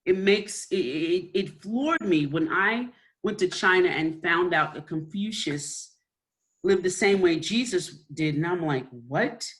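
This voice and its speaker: A woman co-hosting a podcast, an evangelist telling a personal story in an emotional, animated way with many restarts. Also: on the low side, a little slow. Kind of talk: personal storytelling in casual chat.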